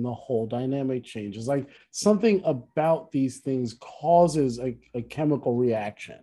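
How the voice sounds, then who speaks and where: A man in casual conversation, telling a story with lots of restarts and asides. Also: medium pitch. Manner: rambling, self-correcting, animated retelling. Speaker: podcast co-host, musician.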